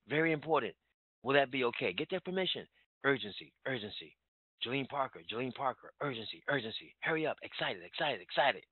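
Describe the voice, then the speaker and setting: A man's voice: medium pitch, sing-song, brisk, slightly rough, no echo. Urgent, emphatic male motivational trainer; dry, phone-quality sound. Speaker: sales trainer. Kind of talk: motivational business training talk. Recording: tinny phone-like line, dry.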